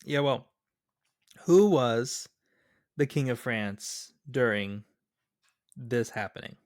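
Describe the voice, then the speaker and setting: A man's voice: mid-range voice, slow, darkish tone, dry recording, clean studio sound. Man puzzling over plot holes. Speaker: podcast co-host. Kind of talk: casual chat.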